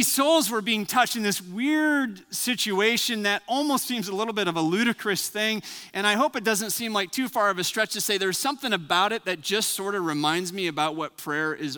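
A man's voice: high voice, pushed and bright, clear, resonant tone, long reverb tail. A man preaching as a pastor, praying and then telling a story in an earnest, reflective way. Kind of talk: sermon.

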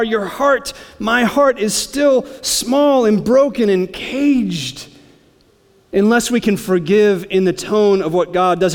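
A high-pitched male pastor preaches a sermon, explaining scripture conversationally with casual asides. The recording has a big-room sound.

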